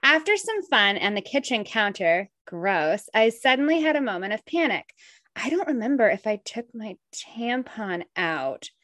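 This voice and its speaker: Giggly young woman with a lively voice. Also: fairly high pitch, moderate pace, no echo. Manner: giggly, animated, laughs often while reading. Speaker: podcast co-host. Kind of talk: casual podcast chat, reading listener stories.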